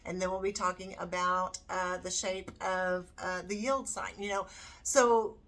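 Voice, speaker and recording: A woman with a slightly low voice walks through her homeschool curriculum at a slow, easy pace. She thinks aloud as she goes, filling pauses with ums and you-knows. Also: level tone, a bit bright. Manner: unhurried, thinking aloud with many fillers. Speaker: homeschooling parent. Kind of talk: casual curriculum walkthrough.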